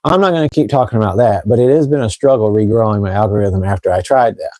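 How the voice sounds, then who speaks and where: Fragrance host, man from Tennessee, light Southern accent, rambling chatty live-stream talk, mellow voice, dry room. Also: fairly low pitch, fast, dry recording. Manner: rambling, chatty, talks straight to viewers. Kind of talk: casual live stream chat. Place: room at home.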